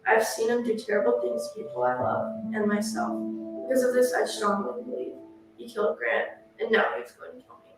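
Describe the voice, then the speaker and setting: A woman narrating for a true-crime channel, reading a written statement aloud in a steady, earnest way. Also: on the high side, brisk. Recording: echoey and distant, music behind. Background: music.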